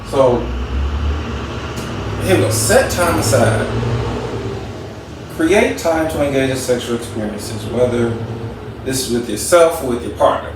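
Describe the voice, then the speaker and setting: A man's voice: medium pitch, expressive, unhurried, long pauses, noisy background. A man hosting a casual advice talk, speaking conversationally and repeating his points for emphasis. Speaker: talk show host. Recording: echoey room, mic at a distance.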